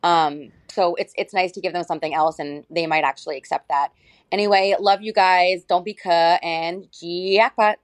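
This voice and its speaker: Low-voiced woman telling an anecdote. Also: fairly even intonation, normal speed. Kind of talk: casual spoken story.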